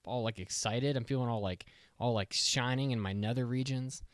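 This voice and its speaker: A man in his thirties co-hosting a podcast, chatting casually in an excitable, rambling, jokey way. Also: medium pitch, normal speed, dry recording. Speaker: podcast co-host. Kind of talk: casual chat.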